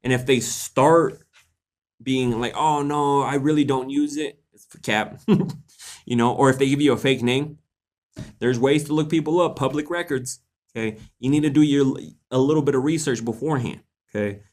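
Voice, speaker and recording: A young livestream host speaks at medium pitch and normal speed in a slightly mellow voice. Taking viewer questions, he chats casually with jokes, slang and plenty of laughter.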